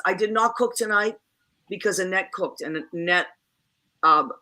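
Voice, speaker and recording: A woman hosting a casual chat show, talking in a chatty, animated way. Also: fairly low pitch. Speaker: host.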